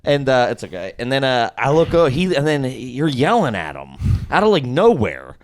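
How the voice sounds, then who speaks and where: A tipsy man telling rowdy, profane stories in an animated way, laughing through casual podcast chat. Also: medium pitch, moderate pace. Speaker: podcast guest.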